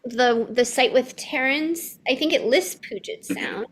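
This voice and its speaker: Bubbly high-voiced woman on a video call. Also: measured pace. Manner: bubbly and excitable. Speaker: improviser running a game. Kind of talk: lively online improv show chat.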